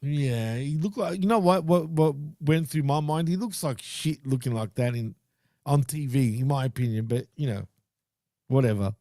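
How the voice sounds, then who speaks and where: A man's voice: medium pitch, moderate pace, warm tone, no room sound, studio quality. A man co-hosting a casual wrestling podcast, blunt and opinionated in his takes. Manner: blunt, opinionated, laughs along. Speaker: podcast co-host. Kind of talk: casual wrestling recap chat.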